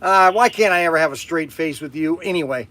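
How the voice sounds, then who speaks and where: This older man speaks in a high register and rambles along with easy jokes. He interrupts himself often and keeps a loose, chatty flow as the host. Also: fairly quick, pushed and bright. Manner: rambling, joking, self-interrupting. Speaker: host of a toy shop channel. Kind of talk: casual chat on camera.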